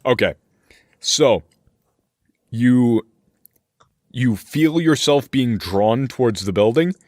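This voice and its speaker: A man running a tabletop game as game master, narrating slowly with fillers and restarts. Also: mid-range voice, animated, darkish tone, no room sound, clean studio sound. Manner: slow, hesitant narration with many fillers.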